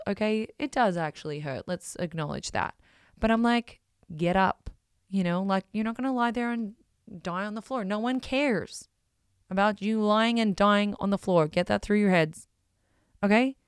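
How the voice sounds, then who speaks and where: A woman's voice: medium pitch, clean tone, no echo, clean studio sound. A woman, a parent of school-age kids, talking in a blunt, emphatic, casual monologue and swearing freely. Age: adult parent of school-age kids.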